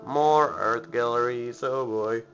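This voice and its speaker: A man's voice: medium pitch, slow pace, creaky, fairly bright tone. A man commentating on a video game with sarcastic jokes, at times putting on a mock-posh British voice. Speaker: let's play gamer. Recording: lo-fi sound with game music.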